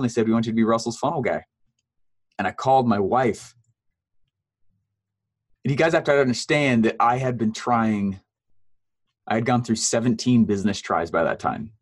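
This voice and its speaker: Animated man telling his story. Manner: animated storyteller, acts out quoted voices with big pitch jumps; laughs often, fillers like "uh" and "man". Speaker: guest. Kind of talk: storytelling in a casual interview.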